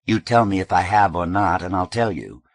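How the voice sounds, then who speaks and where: A man's voice: low-pitched, normal speed, no echo. A man voicing a blunt, curt young male gang leader in an audiobook.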